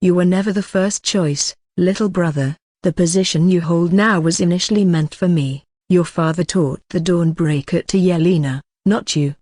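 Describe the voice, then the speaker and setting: A synthetic-sounding narrator voicing a mocking, defiant young man who was disowned by his family, read in an even, flat way. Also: medium pitch, no room sound, studio quality, close to an everyday voice.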